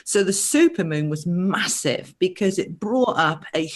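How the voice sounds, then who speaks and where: A woman who works as a therapist, explaining spiritual ideas on a live show, animated and asking many questions. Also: fairly low pitch, unhurried, a little hiss or hum. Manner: animated, acts out quoted voices, asks many questions. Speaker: therapist guest.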